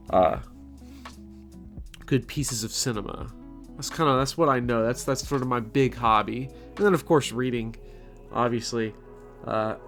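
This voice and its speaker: Rambling Southern man with a bright voice. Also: mid-range voice. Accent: Kentucky Southern, softened. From Kentucky. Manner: rambling, self-mocking, blunt. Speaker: channel host. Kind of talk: casual Q&A chat.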